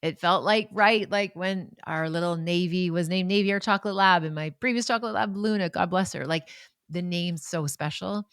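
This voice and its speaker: A woman's voice: lowish voice, moderate pace, a bit bright, clean tone, no echo, clean studio sound. A woman in her forties hosting a podcast on her own, talking in a chatty, enthusiastic way and wandering off into asides. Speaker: podcast host. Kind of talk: casual solo podcast talk.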